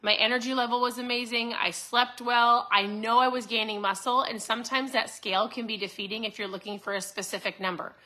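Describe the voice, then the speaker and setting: A woman in her forties hosting a casual motivational talk, upbeat and chatty, often tossing in a quick "right?" to her listeners. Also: fairly high pitch, steady tone, sharp tone. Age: 40s. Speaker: host.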